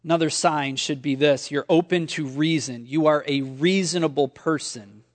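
High-voiced pastor preaching in a reverberant hall. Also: male voice, moderate pace. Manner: conversational storytelling with humor. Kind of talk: sermon.

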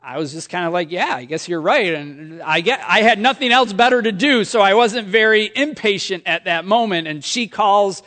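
High-voiced pastor preaching in a reverberant hall. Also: male voice, animated, moderate pace, hardly any pauses, bright, forceful tone. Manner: conversational storytelling with humor. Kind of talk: sermon.

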